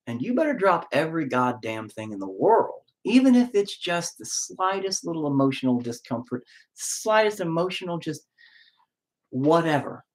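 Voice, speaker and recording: A man delivers an unscripted, profane rant with raw feeling behind it. His pitch moves all over the place, rising in outbursts and dropping into low, muttered asides. He sounds close to tears at moments. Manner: heated, profane, swings between loud outbursts and low mutters; emotional, close to tears at times.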